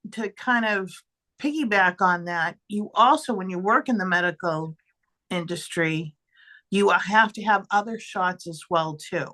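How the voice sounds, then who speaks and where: Bright lady cohosting a podcast, animated, lots of exclaiming and trailing off. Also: mid-range voice. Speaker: podcast co-host. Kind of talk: casual chat.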